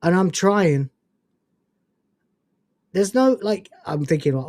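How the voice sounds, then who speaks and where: A man's voice: high-pitched, wildly swooping pitch, measured pace, long pauses, a little mellow, no echo, studio quality. A man hosting a casual livestream, ranting in a profane, incredulous way and reading out donations. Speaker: livestream host.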